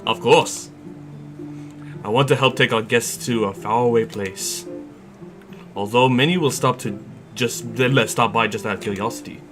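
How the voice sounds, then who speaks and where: A man voicing a shy, anxious, bookish teenage girl from a visual novel, reading her lines in a soft, halting way with game music playing underneath. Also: mid-range voice, lightly acted. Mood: hesitant. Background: soft background game music.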